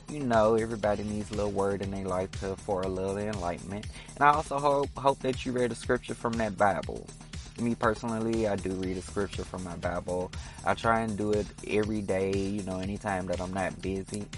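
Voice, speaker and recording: A man hosting his own podcast in a casual, opinionated solo monologue, teasing that he will stir up controversy. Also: lowish voice. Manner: chatty and opinionated, teasing about stirring controversy. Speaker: podcast host.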